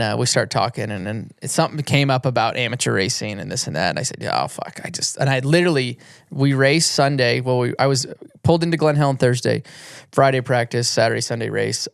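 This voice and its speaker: A man's voice: mid-range voice, fast, gravelly, no room sound, studio quality. Rambling man swearing through stories. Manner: rambling, many restarts, swears freely. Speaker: podcast guest, retired motocross champion. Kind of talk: casual storytelling chat.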